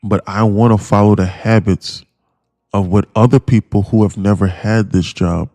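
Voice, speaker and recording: A man's voice: lowish voice, steady tone, moderate pace, dark tone, no room sound, lightly acted. A man playing a stubborn, overconfident wannabe trader who insists on doing things his own way. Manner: defensive, insistent.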